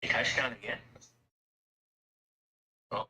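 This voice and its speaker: A man's voice: slow, pushed and bright, poor audio. A man from Canada chatting casually, rambling and swearing as he rants about everyday costs. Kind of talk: casual chat.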